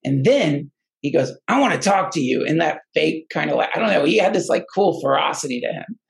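A man's voice: on the high side, animated, brisk, vocal fry, low-quality recording. A man, a podcast guest, telling an earnest personal story in casual, rambling talk full of restarts and fillers. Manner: emotional, earnest.

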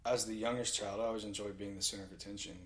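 A man in casual conversation who tells stories in an animated way and laughs often. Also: lowish voice, rapid-fire.

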